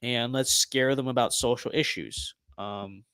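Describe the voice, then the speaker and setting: A young man chats through a strategy game on stream with a sharp, bright voice. His talk is sarcastic and jumps between low mutters and loud, excited bursts. The sound is close and dry, with no room around it. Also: unhurried, clear, resonant tone, no room sound. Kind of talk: casual gameplay commentary.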